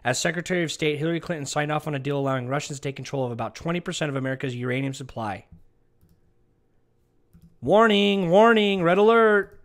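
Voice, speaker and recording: A man's voice: mid-range voice, rapid-fire, hardly any pauses. A man delivering an emphatic political commentary monologue who often tags his lines with "okay". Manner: emphatic, repeats "okay" as a tag. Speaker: online commentator.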